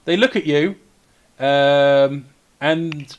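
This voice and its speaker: A man's voice: a little high, normal speed. Easygoing man running a tabletop game. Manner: relaxed, hesitant, descriptive narration. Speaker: game master.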